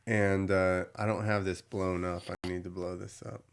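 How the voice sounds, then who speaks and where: A man hosting a podcast, telling a story in a casual, animated way, with swearing and laughter. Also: deep voice, normal speed, vocal fry. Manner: animated, profane, laughs while telling stories. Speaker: podcast host.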